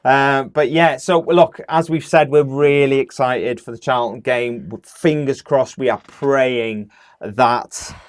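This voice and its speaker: A man's voice: medium pitch, fairly even intonation, takes it slowly. A middle-aged man co-hosting a casual football podcast. He talks in a chatty, storytelling way, with plenty of "uh" fillers between facts. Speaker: podcast co-host. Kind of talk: casual chat.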